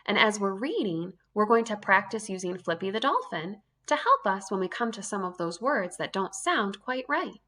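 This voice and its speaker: A woman's voice: mid-range voice, animated, moderate pace, few pauses, bright, forceful tone. A woman teaching an early reading lesson to young children, sounding out letters one by one in an encouraging way.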